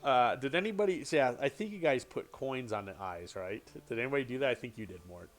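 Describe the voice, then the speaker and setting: A man's voice: mid-range voice, expressive. Hesitant male game master narrating the scene, ordinary middle voice. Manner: halting, with many ums and restarts.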